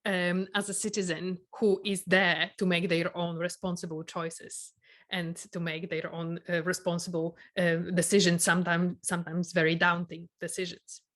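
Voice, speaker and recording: A woman co-host asking a question with many pauses and restarts. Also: on the low side, level tone, a bit bright. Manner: hesitant, many fillers and restarts. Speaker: podcast co-host. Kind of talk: academic interview.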